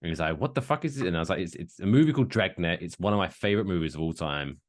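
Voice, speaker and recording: Rambling young man, low voice. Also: very fast. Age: young adult. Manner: rambling, restarts often, drops to quiet asides. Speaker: podcast co-host. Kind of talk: casual chat.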